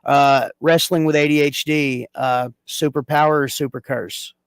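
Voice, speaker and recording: A man's voice: medium pitch, steady tone, smooth, dry recording. A man hosting a casual podcast chat, rambling and restarting often as he talks. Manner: rambling, halting, lots of uh and restarts. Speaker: podcast host.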